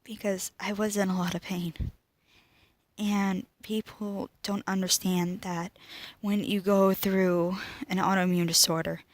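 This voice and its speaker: A teenage girl speaking to camera about her own life, emotional and halting, often dropping to a whisper. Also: mid-range voice, dry recording. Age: teens. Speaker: student vlogger. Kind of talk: personal talk to camera.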